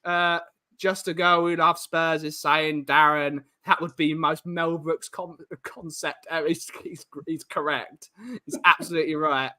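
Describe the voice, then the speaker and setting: A man hosting a casual chat, telling jokey stories and reading out comments with quick restarts. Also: on the high side, little pitch movement, pushed and bright. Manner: fast, joking storyteller with restarts. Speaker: podcast host.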